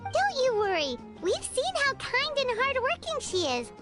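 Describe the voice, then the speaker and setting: A woman's voice: very high voice, very animated, unhurried, full character voice. A woman voicing a tiny, bubbly girl guide who speaks of herself in the third person, in a video game. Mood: cheerful. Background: game music.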